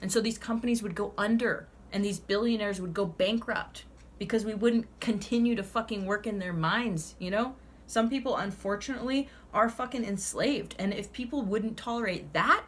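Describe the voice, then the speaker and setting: A woman's voice: on the high side, normal speed, a bit bright. Fired-up swearing woman tarot reader. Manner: ranting, heavy swearing, fired up. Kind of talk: casual tarot reading monologue.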